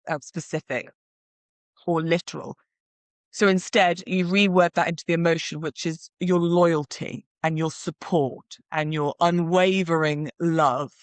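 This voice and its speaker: Woman doing a casual wedding podcast, chatty and animated, dry close sound. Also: on the low side, dry recording. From United Kingdom. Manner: chatty and animated, acting out example vows. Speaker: podcast host and wedding celebrant. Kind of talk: casual advice monologue.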